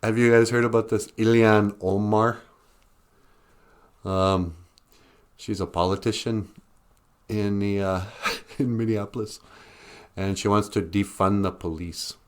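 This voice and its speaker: A man hosting a podcast in a rambling solo monologue, chuckling often and jumping into high mocking voices for quoted people. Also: fairly even intonation, unhurried, long pauses, smooth. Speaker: podcast host.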